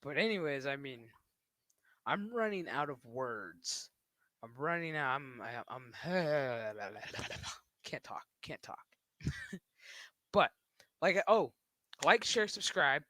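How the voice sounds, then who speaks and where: Bright-voiced swearing man streamer. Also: medium pitch, very animated, takes it slowly, long pauses, dry recording. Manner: rambling, swearing, laughs often. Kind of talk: casual livestream chat.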